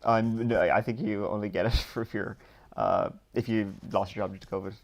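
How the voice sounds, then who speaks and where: An Irish man from Dublin chats through viewer questions on a live stream. His voice sits a little low, and he drifts through his answers with frequent ums and loose asides. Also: steady tone, fairly quick, muffled recording. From Ireland. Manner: rambling, reads questions aloud then answers with many ums. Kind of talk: casual live-stream chat.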